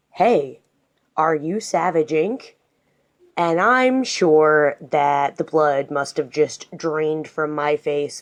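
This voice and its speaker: A woman telling a personal story in a casual, sarcastic and emphatic manner. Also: low voice.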